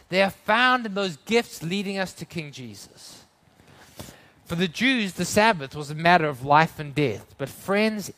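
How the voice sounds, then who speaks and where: A male preacher delivering a sermon in church. His voice sits a little higher than most men's. He talks earnestly, building to emphatic runs and then dropping low and quiet.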